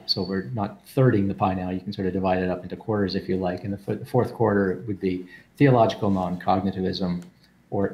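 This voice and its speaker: A man's voice: fairly low pitch, vocal fry, darkish tone. A man explaining philosophy in a casual group talk, thinking aloud with restarts and repeated words over an online call.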